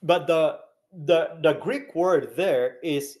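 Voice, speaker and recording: Guy pastor w a teaching a sermon, slow n steady, kinda high voice, keeps asking the crowd stuff. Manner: teaching Bible study, questions the congregation.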